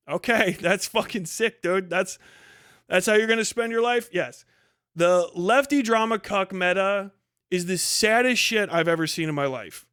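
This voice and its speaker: High-voiced man streamer, clean and smooth, delivering a sarcastic profane rant. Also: a bit bright, no echo, clean studio sound. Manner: fast bursts and sudden drawn-out words. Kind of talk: livestream rant.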